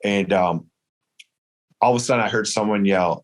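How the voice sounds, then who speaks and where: A man from Michigan, telling a hunting story in casual chat, acting out the dialogue with lively quotes. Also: lowish voice, moderate pace. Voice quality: hard of hearing in one ear. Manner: animated, quotes dialogue in raised voice. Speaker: guest storyteller.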